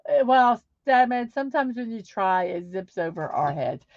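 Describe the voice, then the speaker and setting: A woman's voice: a little high, very animated, normal speed, no echo. A woman hosting a casual livestream, chatting upbeat and reading viewer comments aloud. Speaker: livestream host. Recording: dull lo-fi sound.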